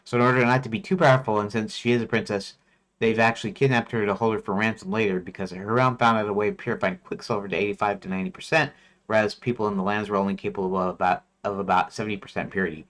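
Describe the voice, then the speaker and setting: A man's voice: lowish voice, steady tone, quick pace, a bit bright. A man who develops games, thinking aloud on a livestream and reading his story notes, hesitant and self-questioning. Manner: hesitant, many fillers and restarts, self-questioning. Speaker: game developer streamer.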